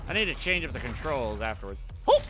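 A young man giving loud, excitable let's-play commentary, yelling at enemies and cracking sarcastic quips. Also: mid-range voice, quick pace, over loud music. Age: young adult. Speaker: gameplay streamer.

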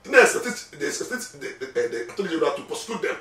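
A slightly high, sharp-toned male voice with big pitch swings belongs to a Ghanaian lawyer talking fast in an interview. He speaks emphatically, repeats words, and mixes Twi with English, and the distant mic picks up an echoey room.

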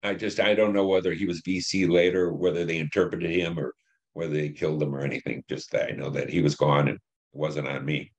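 Older man, deep voice, blunt and profane, telling war stories in an interview. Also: fairly even intonation, fairly quick. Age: 70s. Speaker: Vietnam veteran interviewee. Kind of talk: recounting war memories.

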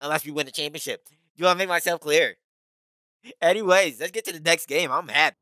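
Bright hyped-up gamer guy. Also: fairly high pitch, brisk, no room sound. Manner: trash-talking teammates as a mock team boss, hype and yelling. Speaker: gaming YouTuber. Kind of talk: playful rocket league commentary.

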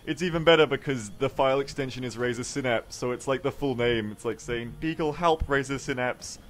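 A young man streaming a video game, telling stories in excitable banter, swearing freely and slipping into silly voices. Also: medium pitch, fast, slight background noise.

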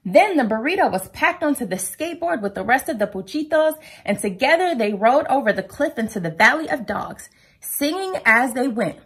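A woman reading a children's picture book aloud at home, lively and playful, with a sing-song delivery. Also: high-pitched, normal speed, husky.

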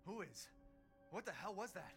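Game role, scared husky villager, high lively voice, panicky. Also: male voice, moderate pace, faint music behind, heavily acted. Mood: panicked. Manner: panicked, urgent questions. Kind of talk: video game dialogue.

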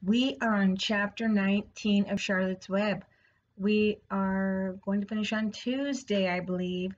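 A woman's voice: medium pitch, fairly even intonation, a little slow, highs cut off. A woman teacher reading a children's book aloud to her students, with chatty asides.

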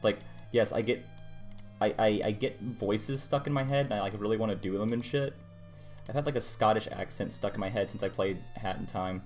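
A man's voice: fairly low pitch, fairly quick, a little mellow. A young man streamer chatting casually while he draws, rambling and muttering to himself about his work. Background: music playing.

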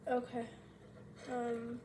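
A woman's voice: a little high, monotone, drawn-out words. A woman casually talking through a cooking tutorial at home, chatty and self-mocking, thinking aloud as she goes. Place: home kitchen. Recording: kitchen fan noise behind. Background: loud kitchen fan.

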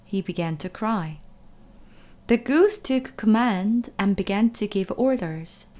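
A woman reading a children's story aloud in a gentle, expressive way. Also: medium pitch, slow.

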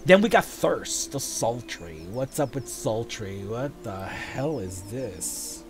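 A man hosting a casual show, chatting playfully as he reviews event items, with quick asides. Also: medium pitch, very animated, music in the background. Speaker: show host.

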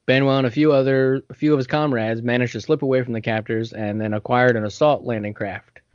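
A man's voice: mid-range voice, steady tone, fairly quick, no echo, dull audio. An American man co-hosting a casual podcast, reading from notes and laughing as he stumbles over unfamiliar words. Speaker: podcast co-host.

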